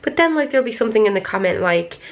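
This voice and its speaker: A woman's voice: mid-range voice, expressive, very fast. Woman just chatting to her camera at home at night, rambly and confiding, normal middle voice. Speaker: vlogger. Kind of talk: casual chat to camera.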